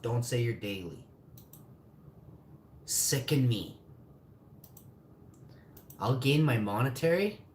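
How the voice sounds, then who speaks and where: A man's voice: medium pitch, slight background noise. Angry, swearing forty-year-old male streamer. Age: 40s. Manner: profane, bitter, ranting. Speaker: live streamer. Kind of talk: angry live-stream rant. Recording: echoey room, faint ambience.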